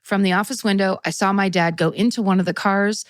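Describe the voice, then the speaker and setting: A woman's voice: medium pitch, steady tone, fairly quick, dry recording. A woman co-hosting a podcast, reading a listener's story in an earnest, reflective manner. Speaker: podcast co-host.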